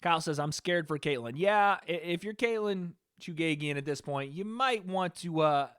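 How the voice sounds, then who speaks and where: On a live stream, a high-voiced man offers loose, rambling reaction commentary at a moderate, smooth pace. He chats casually with his viewers and swears from time to time, and the sound is dry and close with no echo.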